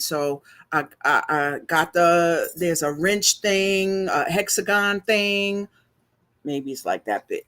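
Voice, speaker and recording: Slow-talking teary New woman. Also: lowish voice, a bit bright. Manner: slow, chatty, emotional, laughs and cries while telling. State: teary, sniffling. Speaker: vlogger. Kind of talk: casual storytelling to viewers.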